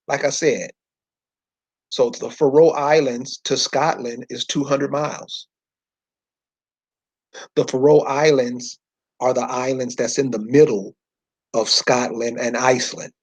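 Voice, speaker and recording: A man's voice: mid-range voice, husky. Male lecturer, mid-range voice, preachy and slangy, addresses listeners with constant rhetorical questions. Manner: talks to the audience in loose slangy speech. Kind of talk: informal lecture pointing at a map.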